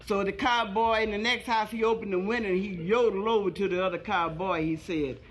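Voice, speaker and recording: A woman's voice: mid-range voice, fairly even intonation, a little fast, low-quality recording. A woman stand-up comedian telling bawdy jokes in an earthy, sassy manner. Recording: live club recording with loud audience. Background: audience laughing.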